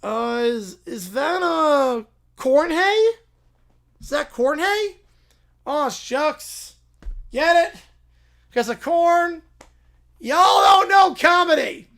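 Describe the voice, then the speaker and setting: A goofy young joker who will not stop yelling corn puns. The voice sits high and strained, with a gravelly rasp, and it rushes up to a shout on every punchline. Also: male voice, expressive, exaggerated voice. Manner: shouts the same pun catchphrase again and again. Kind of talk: comedic read-aloud of a viewer prompt.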